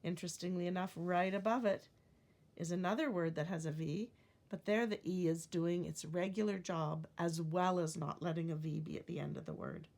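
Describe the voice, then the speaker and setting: A middle-aged woman teaches a phonics word sort in a low, slightly gravelly voice. She speaks clearly and deliberately, drawing out words so the stressed syllable stands out. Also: steady tone, a little mellow. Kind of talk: classroom phonics lesson.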